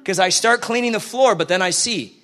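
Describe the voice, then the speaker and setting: A man with a high voice delivers a sermon in a church. He talks in a casual, animated way and keeps putting questions to the people listening. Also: a little fast. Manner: conversational, animated, asks the congregation questions. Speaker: preacher.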